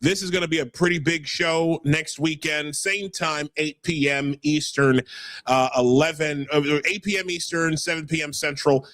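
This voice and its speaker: A man's voice: a little high, normal speed, fairly bright tone, dry recording, clean studio sound. A man with a New York accent hosting a casual livestream, brash and stammering as he reads chat aloud. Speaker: podcast host.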